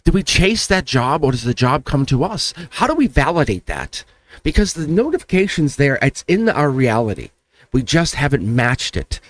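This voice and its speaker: A man's voice: mid-range voice, very animated, normal speed, no echo. A man hosting a tarot channel, giving an earnest, emotional spiritual pep talk straight to his viewers, near tears and repeating himself. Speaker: tarot reader, channel host.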